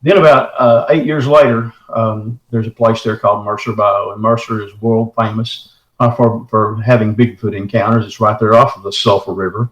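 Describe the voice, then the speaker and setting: An earnest, folksy middle-aged caller from the Texarkana area of the southern U.S. recounts a personal encounter, repeatedly saying "man." His fairly low voice stays steady at a moderate pace, captured in an echoey, lo-fi recording.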